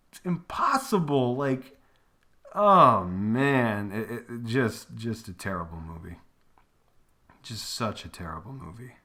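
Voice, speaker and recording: A man's voice: lowish voice, very animated, takes it slowly, pauses often, sharp tone. A young man hosting a casual movie review, rambling and swearing, laughing often between his complaints. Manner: profane, rambling, laughs often, breaks into exaggerated impressions. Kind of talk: casual solo movie rant.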